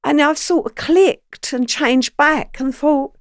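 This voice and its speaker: An older woman, a podcast guest telling her past with lively, acted-out quotes. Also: high voice, takes it slowly, no echo, studio quality. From England. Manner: animated storyteller, acts out quoted lines. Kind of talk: recounting crime memories in a podcast interview.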